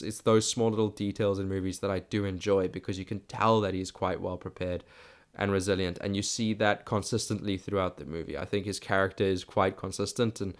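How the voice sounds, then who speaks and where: A man's voice: fairly low pitch, clear, resonant tone. A South African man hosting his own podcast, giving a rambling, chatty solo movie review and often restarting his sentences. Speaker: podcast host.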